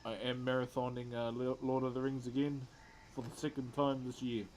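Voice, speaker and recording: A man's voice: medium pitch, little pitch movement, a little fast, darkish tone, slight background noise. A young man chatting casually on a live stream, laid-back and laughing often. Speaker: livestreamer and wood carver.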